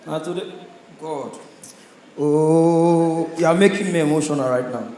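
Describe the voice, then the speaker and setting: A man with a Nigerian accent doing a stand-up comedy set on a stage, telling stories in a loud, punchy way. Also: a little high, measured pace, echoey room, slight background noise, low-quality recording. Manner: loud, punchy storytelling in pidgin.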